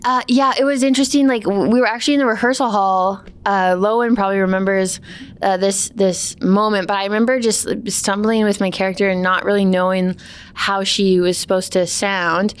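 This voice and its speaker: A woman's voice: medium pitch, fairly even intonation, fairly quick, clear, resonant tone. A woman filmmaker who also acted in the film, talking loosely and rambling with fillers in an interview. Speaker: filmmaker and lead actor. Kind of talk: casual interview.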